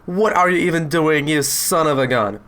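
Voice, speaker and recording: A man's voice: fairly high pitch, normal speed, fairly bright tone, close to an everyday voice. A man doing a cocky rich superhero. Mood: exasperated. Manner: brash, swaggering. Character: cocky rich male superhero, brash and dismissive.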